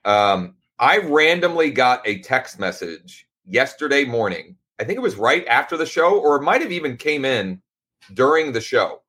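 A man's voice: mid-range voice, big pitch swings, normal speed, bright, forceful tone. A man hosting a casual live show, talking in a loose, rambling way with frequent restarts. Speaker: host.

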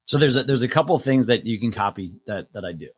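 A man in his thirties with a medium-pitched, slightly rough voice talks quickly, with no room sound. He co-hosts a podcast and works as a loan officer, speaking in a relaxed, rambling way with frequent "uh" fillers.

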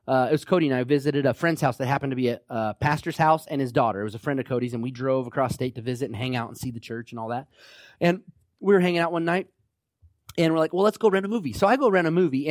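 A man's voice: a little high, dry recording, studio quality. A middle-aged male pastor preaching a sermon in a conversational way, often checking in with rhetorical questions.

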